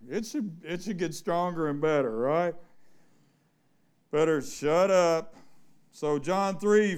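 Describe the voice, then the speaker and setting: A man's voice: a little high, smooth. A man preaching an informal sermon to a small church, reading scripture and asking the congregation questions in a folksy, conversational way. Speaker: pastor.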